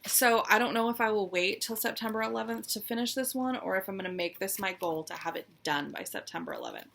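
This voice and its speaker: A woman's voice: medium pitch, fast talker, gravelly, a bit bright. A woman chatting casually as she shows her stitching projects, fond and a little wistful, with frequent "um"s. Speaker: cross-stitch vlogger. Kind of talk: casual show-and-tell chat.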